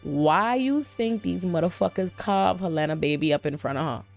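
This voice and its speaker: Animated slangy woman recapping TV. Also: fairly low pitch, moderate pace, creaky, soft background music. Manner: animated, emphatic, slangy storytelling with exclamations. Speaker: TV recap host. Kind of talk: casual TV episode breakdown.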